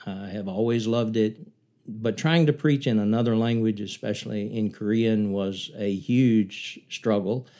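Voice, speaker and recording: An older man with a warm, mellow voice, sharing memories of his ministry. He retells scripture as a lively story and builds up force at the dramatic turns. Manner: earnest, rising in pitch and force as he retells the story. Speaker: former missionary preacher. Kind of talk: reflective talk and Bible storytelling.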